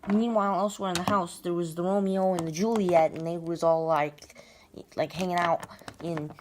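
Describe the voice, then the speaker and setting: A young woman rambles through a comic retelling, packing it with filler words in a valley-girl style. Her voice is on the low side, with fairly even intonation and a moderate pace. The recording is noisy and has clicks.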